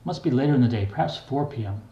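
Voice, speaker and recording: An older man reads his own memoir aloud in a plain, wry, unhurried way. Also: mid-range voice, expressive, warm tone, muffled recording. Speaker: memoir reader. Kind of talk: memoir narration. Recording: echoey room.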